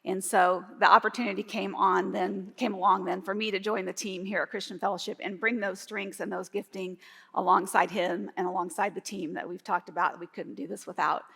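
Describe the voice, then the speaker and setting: An earnest woman from a church leadership team speaking conversationally to the congregation. Her voice has a lot of gravelly vocal fry. It echoes with the long reverb of a large sanctuary. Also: medium pitch, fairly even intonation, fairly quick, a bit bright. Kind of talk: sermon.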